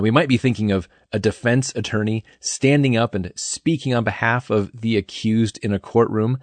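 A man teaching on a Bible passage as host, in an earnest, measured scripted delivery. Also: fairly low pitch, dry recording.

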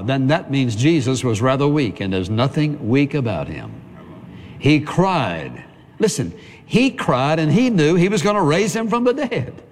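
A man's voice: on the high side, big pitch swings, unhurried, pauses often, big-room sound. A man preaching a sermon in a conversational style, calling on the congregation to answer amen.

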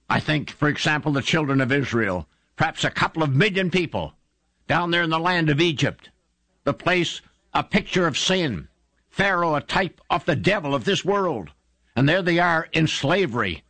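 A man's voice: on the high side, a bit bright, no echo. A man preaching a fervent sermon, his voice rising and falling for emphasis.

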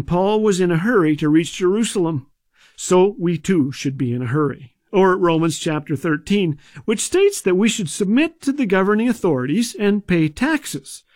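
A man's voice: high-pitched, no room sound. A man hosting a humor radio program, telling jokes and comic stories in a dry, scripted way. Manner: dry, joke-telling delivery. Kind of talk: scripted comedic storytelling.

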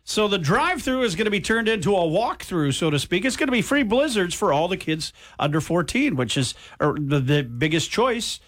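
Lively, high-pitched radio host man. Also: fairly quick, few pauses. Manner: lively, bouncy delivery with frequent laughs. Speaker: radio morning show host. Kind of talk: upbeat morning radio banter.

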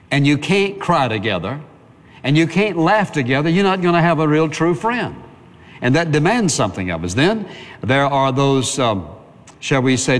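A pastor preaching a sermon in a plain-spoken, conversational way, piling up repeated phrases for emphasis. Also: male voice, medium pitch, long reverb tail.

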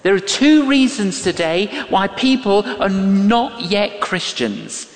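Animated older man preaching in a hall. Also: sits high, slow pace. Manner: animated, emphatic, acts out quoted voices. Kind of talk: sermon with storytelling. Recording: long reverb of a large hall.

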